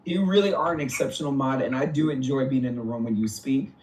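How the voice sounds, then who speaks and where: A man in a voice chat, roasting others in a brash, mocking, drawn-out way. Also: medium pitch, a little mellow, recorded from a distance. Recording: roomy sound from off the mic.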